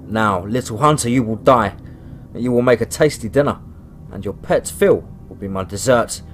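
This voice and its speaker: A man voicing a huge, menacing male bear god in a storybook horror tale, slow and taunting. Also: mid-range voice, a little hiss or hum, lightly acted.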